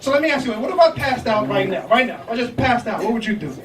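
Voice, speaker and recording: A man's voice: extremely high pitch, lively intonation, fast talker. A young man doing a loose, profane stand-up set, laughing at his own jokes. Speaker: stand-up comedian. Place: comedy club stage. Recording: echoey club room from a distance, audience noise. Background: crowd laughter and reactions.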